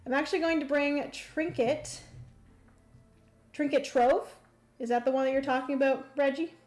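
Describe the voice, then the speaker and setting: A woman hosting a casual board game livestream, chatty and filling pauses with hums and ums. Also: sits high, steady tone, a little mellow, soft background music.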